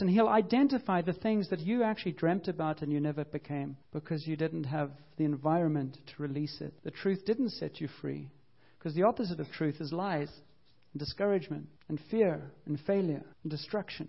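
A man with a fairly high voice preaches a sermon in church, talking conversationally and earnestly to his congregation. He presses his points with growing fervor. The recording is dull and lo-fi. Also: fairly quick, creaky, husky. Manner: conversational, earnest, rising to fervent emphasis. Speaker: pastor.

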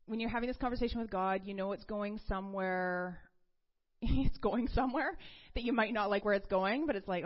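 A woman's voice: mid-range voice, brisk. Woman preaching casual testimony style, chatty storyteller, laughs a lot, bit muffled recording. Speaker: speaker giving a testimony. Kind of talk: conversational sermon storytelling.

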